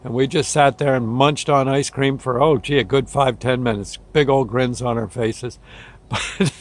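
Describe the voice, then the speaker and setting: Speaking at normal speed in a mid-range, fairly even voice, a former ambulance crew member casually tells a story about a shift. He rambles in a folksy manner, chuckling between phrases.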